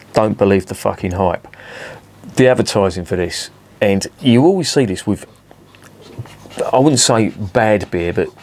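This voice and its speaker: A man's voice: deep voice, darkish tone. A man in his fifties reviewing beer in a casual, rambling, sweary chat full of digressions.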